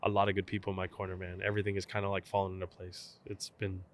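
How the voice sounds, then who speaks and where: A man's voice: sits low, rapid-fire. A young man, a guest from South Texas, casually telling a story in an interview and acting out both sides of old conversations. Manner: animated storyteller, acts out both sides of phone calls. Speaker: guest, professional baseball catcher.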